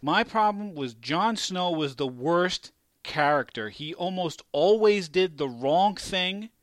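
A man hosting a casual chat, rambling and animated, swearing and laughing often. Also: high voice, slow, no room sound, studio quality.

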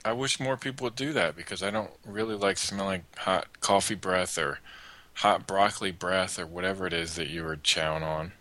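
Deep-voiced man, blunt and wry. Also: moderate pace, pushed and bright, no echo. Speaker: podcast co-host. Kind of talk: casual chat.

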